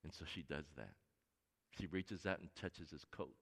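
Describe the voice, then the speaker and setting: A middle-aged man preaching a sermon as a pastor, telling stories in an earnest way that swings between hushed and emphatic. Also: rumbling low, moderate pace, vocal fry, slightly rough. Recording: long reverb of a large hall.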